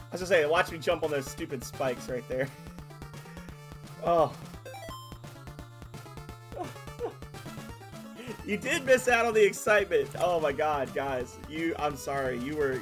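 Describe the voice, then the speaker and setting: A man streaming a video game live, chatting excitedly with viewers and laughing often. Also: mid-range voice, unhurried, long pauses. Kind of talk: live-stream gaming commentary. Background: video game music.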